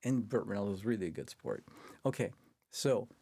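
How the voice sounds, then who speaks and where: A man's voice: on the low side, very animated, normal speed, vocal fry, dark tone. An older man, a podcast guest, telling a long anecdote in casual chat, chuckling as he goes and acting out other people's lines in a raised voice. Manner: chuckles through his anecdote; acts out quoted people in a raised voice. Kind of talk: casual storytelling.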